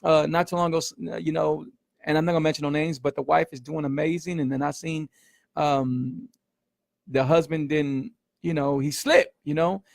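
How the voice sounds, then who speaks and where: Recorded cleanly in a studio without echo, a middle-aged man with a slightly high, gravelly voice talks at a moderate pace and fairly even intonation. He's a keto coach hosting a casual livestream, speaking emphatically, repeating points, and often saying "man" and "y'all."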